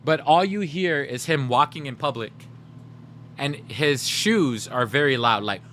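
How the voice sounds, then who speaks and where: A man's voice: mid-range voice, a little slow, a bit bright, a little hiss or hum. Chatty man talking to his stream chat. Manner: chatty, keeps addressing chat, laughs often. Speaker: livestreamer. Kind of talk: casual livestream chat.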